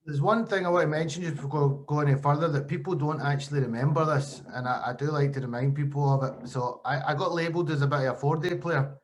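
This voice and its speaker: Talking fast with few pauses, this former cricketer from Scotland, now a podcast host, recounts stories in a relaxed interview. His voice is on the high side, and his storytelling is lively, full of quoted voices.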